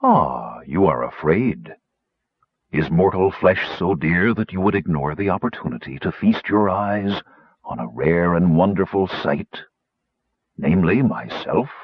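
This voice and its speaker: A man doing a deep, soothing ancient spirit. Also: animated, breathy edge, no echo, heavily acted. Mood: soothing, proud. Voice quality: soothing bass. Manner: slow, proud and measured. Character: soothing, lofty ancient male spirit in a tower. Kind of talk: audiobook character voice. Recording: slightly muffled recording.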